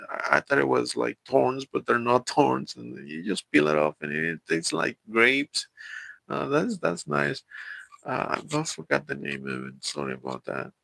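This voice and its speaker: Gravelly man with a Mexican accent. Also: medium pitch, pushed and bright, no echo, low-quality recording. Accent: Mexican Spanish. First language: Spanish. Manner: halting, many fillers and restarts, chuckles often. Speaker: livestream host. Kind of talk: casual live-stream chat reading viewer comments.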